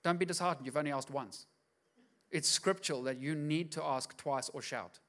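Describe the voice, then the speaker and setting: A man with a fairly high voice preaching a sermon. He retells scripture in a casual, slangy way. He slips in playful impressions and rhetorical questions to the congregation. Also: normal speed, a bit bright. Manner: casual slangy storytelling with acted-out asides. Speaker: pastor.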